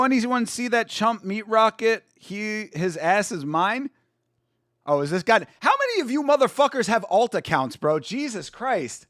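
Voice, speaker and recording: A young man hosting a casual live watch-along stream, chatty and excitable, full of slang and swearing. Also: high voice, a little slow, no echo, studio quality. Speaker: stream host.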